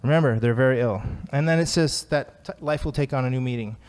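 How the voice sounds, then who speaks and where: A man's voice: medium pitch, fast, darkish tone, clear, resonant tone. A man tells his recovery story to his peers in a loose, chatty way. He pokes fun at himself and laughs often. His voice sits in the middle range for a man. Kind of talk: personal story at a recovery talk.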